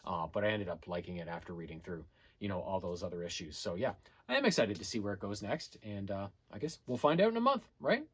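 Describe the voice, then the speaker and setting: A man casually recapping comic book plots, rambling with fillers and restarts and quick quoted lines from the characters. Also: lowish voice, lively intonation, husky.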